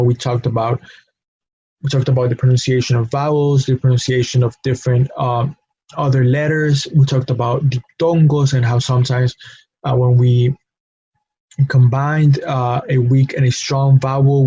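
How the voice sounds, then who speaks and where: A man gives a patient lesson in a flat, mellow voice, repeating his points and checking in with a questioning "no?". The sound is dull and lo-fi, a little husky, with a dry close feel. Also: medium pitch, no room sound. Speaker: language teacher. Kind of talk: recorded classroom lesson.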